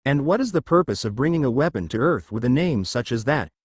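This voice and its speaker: A man's voice: medium pitch, expressive, brisk, breathy edge, no echo. A man putting on an imperious villain queen.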